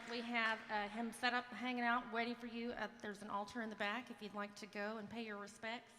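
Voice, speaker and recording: A woman, casually emceeing a memorial concert in a friendly, relaxed way. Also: on the high side, a little fast, few pauses, slight background noise. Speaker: event host. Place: church hall used as a concert venue. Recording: live in a reverberant hall with crowd.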